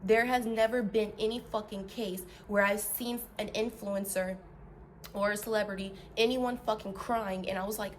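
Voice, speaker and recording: A woman ranting bluntly and profanely to her vlog audience, heated and animated, swinging between loud and soft. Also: mid-range voice, moderate pace, slight background noise. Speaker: vlogger.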